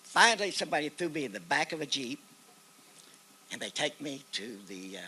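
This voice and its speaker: This veteran guest speaker, an older Oklahoma man, has a slightly high, sing-song voice with a sharp tone and a breathy edge, moving along fairly quickly. At an outdoor park memorial ceremony he spins a folksy personal war story, performing the dialogue of the people in it. The recording quality is low.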